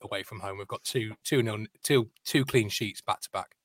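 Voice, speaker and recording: A man's voice: on the low side, normal speed, over a noisy crowd. A man co-hosting a football podcast, stating his views firmly. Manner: firm, opinionated. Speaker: podcast co-host. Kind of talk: casual football chat.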